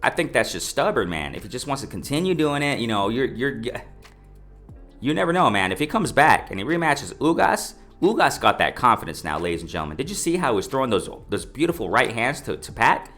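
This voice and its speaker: A man giving opinionated, casual boxing commentary to his viewers, emphatic and repetitive, often calling them ladies and gentlemen. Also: brisk, faint music behind. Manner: lively pitch swings, mimics others in raised voice.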